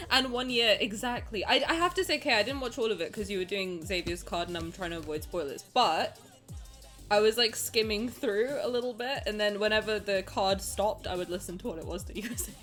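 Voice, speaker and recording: A young woman chatting casually on a live stream, bubbly and warm with her viewers, greeting them one by one. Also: a little high, animated, brisk, faint music behind.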